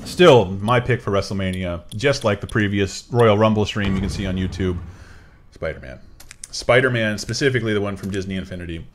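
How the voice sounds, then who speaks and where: A man's voice: lowish voice, fast talker, few pauses, soft background music. A man hosting a casual livestream, joking, rambling and reading chat comments aloud with frequent laughter. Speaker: podcast host.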